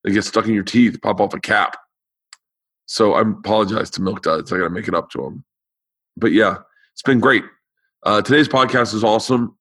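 A man with a fairly low voice hosts his podcast in loose, casual chat. His voice sounds worn out and has no push behind it. He rambles, stumbles and restarts his sentences, all in a dry, close sound. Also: moderate pace, pauses often, fairly bright tone, husky, dry recording. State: tired voice with no power behind it. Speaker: podcast host.

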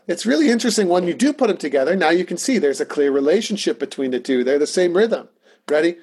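A man's voice: high-pitched, very animated, fast talker, noisy background. A man teaching a casual music lesson, talking through rhythms and singing them on simple syllables. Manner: talky, encouraging, sings rhythm syllables.

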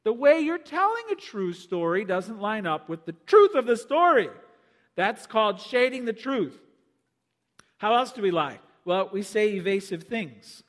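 Male pastor, high voice, animated sermon delivery, long reverb. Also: a little slow. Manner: animated, acts out quoted voices.

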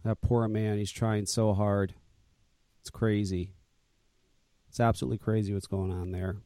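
A man's voice: lowish voice, level tone, moderate pace, dark tone, smooth, dry recording, studio quality. A man hosting a podcast in casual chat, blunt and profane, often ranting and grumbling. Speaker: podcast host and vape shop owner.

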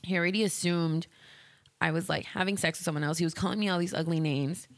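A woman talks straight into a close, dry mic, hosting her own podcast. Her voice sits a bit low, and she rambles candidly, padding her sentences with "like" and restarting often. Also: fairly even intonation, fast talker, dry recording. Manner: candid, rambling, heavy use of "like". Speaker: podcast host. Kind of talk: casual solo podcast storytelling.

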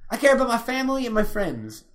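A man's voice: very high voice, huge pitch swings, fast, slight background noise. A man in casual chat, talking bluntly and arguing with heavy swearing. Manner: brash, profane and argumentative.

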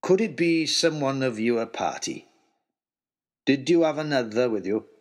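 A man voicing a gentle, hearty host with a stern edge, in a storybook reading. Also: medium pitch, expressive, a little slow, natural voice. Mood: kindly.

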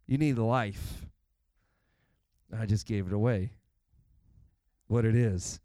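A man preaching a sermon in a conversational, animated way, with candid asides to the congregation. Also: on the low side, takes it slowly, no room sound. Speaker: pastor.

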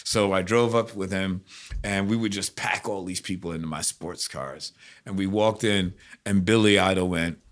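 An older man, a guest musician, telling animated stories in casual conversation, full of "like" and restarts. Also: low voice, moderate pace. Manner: animated anecdotes, frequent "like" and restarts.

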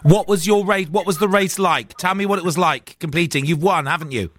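A man's voice: high voice, a little fast, background noise. A man hosting a school community radio show, chatting enthusiastically and exclaiming often.

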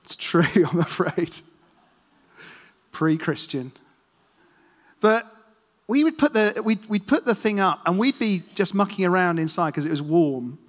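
Chatty male preacher with a high voice. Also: expressive, a little slow, long pauses. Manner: chatty, self-deprecating storyteller, talks to the congregation. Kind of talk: casual sermon with anecdotes. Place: church hall. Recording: long hall reverb.

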